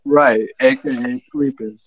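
A man's voice: medium pitch, fairly even intonation, unhurried, highs cut off, slight background noise. A man co-hosting a podcast in casual chat, teasing in a dry way. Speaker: podcast co-host.

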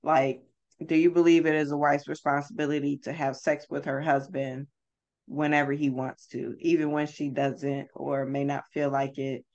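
A podcast host who asks measured questions and gives brief affirmations. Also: mid-range voice, little pitch movement, a little mellow, muffled recording. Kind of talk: casual interview talk.

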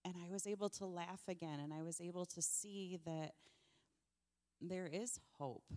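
A woman telling her personal story of struggle in an earnest, emotional way, her voice often dropping soft. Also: fairly low pitch, measured pace, long reverb tail. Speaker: church member sharing testimony. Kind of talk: personal testimony on stage.

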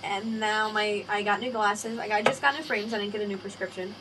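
A woman's voice: mid-range voice, fairly even intonation, a little fast. Rambling, swearing young woman podcaster. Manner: rambling, swears freely, acts out quoted voices. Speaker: podcast host. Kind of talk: casual chat. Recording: faint background noise.

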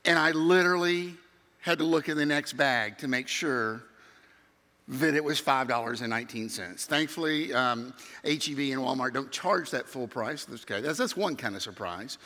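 A man's voice: medium pitch, moderate pace, pushed and bright. A middle-aged man tells a sermon story as a youth minister, acting out other people's voices. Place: church sanctuary. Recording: reverberant hall.

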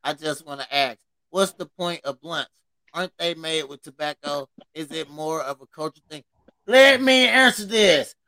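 A man co-hosting a casual comedy podcast, loud and laughing, often shouting as he reads out comments. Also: fairly high pitch, moderate pace, rough recording. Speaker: podcast co-host.

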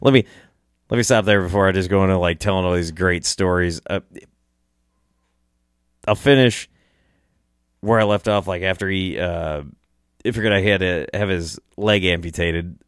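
A man's voice: sits low, steady tone, moderate pace, long pauses, smooth, no room sound, clean studio sound. A man hosting a podcast, telling a story casually in a rambling, chuckling way, with restarts and swearing. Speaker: podcast host.

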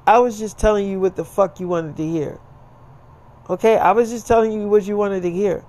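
A man putting on a blunt young woman who answers curtly and swears freely. The voice sits a little high and runs quick in a casually told story. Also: fairly even intonation, darkish tone, natural voice. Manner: curt, cursing, defensive.

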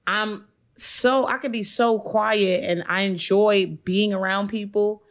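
A woman hosting a casual podcast chat, animated and profane, acting out little voices. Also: medium pitch, slow pace.

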